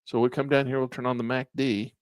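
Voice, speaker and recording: A man's voice: medium pitch, flat delivery, quick pace, clear, resonant tone, no echo, clean studio sound. A man teaching a live online trading class in a casual, folksy way while pointing at charts. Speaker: trading instructor.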